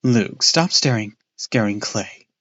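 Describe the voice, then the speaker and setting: A man reading as a sharp, impatient mother. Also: fairly low pitch, lively intonation, slow pace, no room sound, highs cut off, full character voice. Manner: sharp and urging. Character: impatient reassuring mother in the car.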